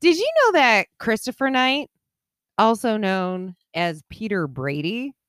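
A woman's voice: medium pitch, lively intonation, fairly bright tone, clean tone, no room sound, studio quality. Wry, teasing woman podcast co-host. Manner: wry, quick reactions, teasing. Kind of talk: casual chat.

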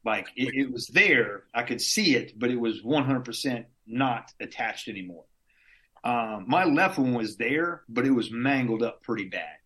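A man's voice: mid-range voice, animated, normal speed, pushed and bright. A man who is an army veteran, casually telling his story as a guest in an easygoing, slangy way, with the odd curse and chuckle. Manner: laid-back, slangy, drops in curses and chuckles.

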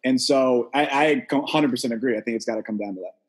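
A man co-hosting a podcast, talking in a halting, casual way with frequent restarts. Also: medium pitch, slightly rough. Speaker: podcast co-host. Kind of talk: casual chat.

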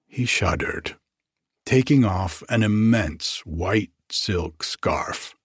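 A man narrating a literary story in a measured, expressive storytelling manner. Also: lowish voice, breathy edge, no room sound, clean studio sound. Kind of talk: scripted narration.

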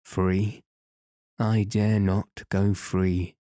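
A man voicing a gloomy enchanted man in a storybook, with a hollow, sad, wailing manner and a low voice. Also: steady tone, takes it slowly, dark tone, no echo, studio quality. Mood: despairing.

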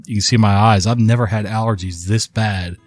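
A man's voice: lowish voice, steady tone, fairly quick, dry recording, faint music behind. A man in his fifties, worn out from a cold, casually narrating a story in a conversational way. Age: 50s.

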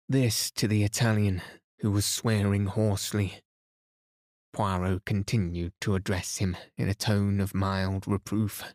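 Male narrator for sleep stories: low, unhurried, dry close mic. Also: no echo. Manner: calm, measured reading. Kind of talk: bedtime story reading.

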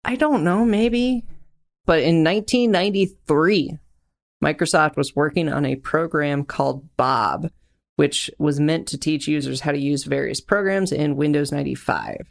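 A young adult podcast co-host with a mid-range, gravelly voice speaks at a moderate pace. The talk is a casual chat that spills into enthusiastic, rambling tangents.

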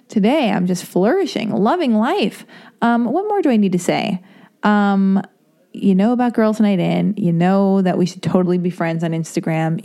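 A woman's voice: mid-range voice, warm tone. A young woman hosting her podcast solo, rambling along in casual self-mocking chat with lots of fillers. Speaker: podcast host.

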